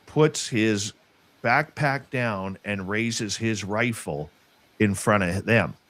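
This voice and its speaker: A middle-aged man casually telling a story about an encounter, acting out the voices of the people in it. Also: on the low side. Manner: animated, acts out quoted voices.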